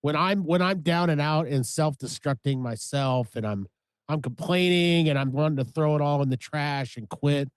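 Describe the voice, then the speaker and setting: A man's voice: fairly high pitch, moderate pace, clean tone, dry recording. A man co-hosting a music podcast, talking earnestly in rambling casual chat with lots of restarts. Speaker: podcast co-host.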